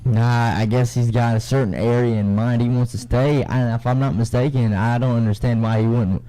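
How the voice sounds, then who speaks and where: A young man co-hosting a casual radio sports talk show, reading standings in a relaxed, drawling way. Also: medium pitch, brisk, rough recording. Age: young adult.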